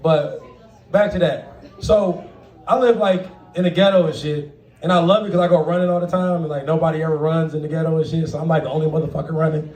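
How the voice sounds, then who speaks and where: High-voiced man doing stand-up, echoey room. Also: steady tone, quick pace, a little mellow, recorded from a distance. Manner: profane, laughing, acts out quoted voices. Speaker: stand-up comedian. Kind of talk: stand-up comedy set. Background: audience laughter.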